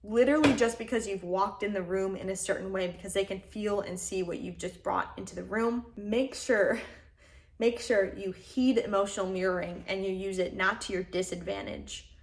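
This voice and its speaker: A woman's voice: medium pitch, steady tone, moderate pace, slight background noise. A young woman hosting a casual self-help talk to camera, reflective and conversational, with frequent fillers and restarts. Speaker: host.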